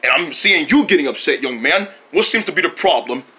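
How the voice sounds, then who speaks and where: This is a gloomy, heartbroken grown man in a home-made comedy skit, as a performer puts him on. He talks low and slow in a mournful way, and the tone stays bright. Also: animated. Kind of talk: homemade comedy skit voice acting.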